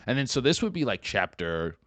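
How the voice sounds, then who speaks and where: A man's voice: mid-range voice, a little fast, no echo. A young man hosting a podcast, riffing through a profane, rambling comedic monologue. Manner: profane, rambling and animated, slips into mocking voices. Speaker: podcast host.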